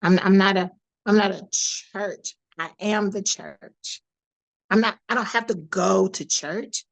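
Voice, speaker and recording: A woman guest on a podcast, telling a personal story in a lively, animated way, acting out the voices of the people she quotes. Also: mid-range voice, slow pace, vocal fry. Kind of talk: storytelling in a casual interview.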